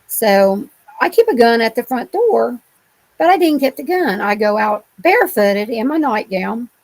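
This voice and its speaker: Middle-aged woman guest, gravelly voice, homespun and rambling storyteller. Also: fairly high pitch, sing-song, measured pace, darkish tone, dry recording, poor audio. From Ohio. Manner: rambling, colloquial, many restarts. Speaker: interview guest. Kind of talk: telling personal encounter stories.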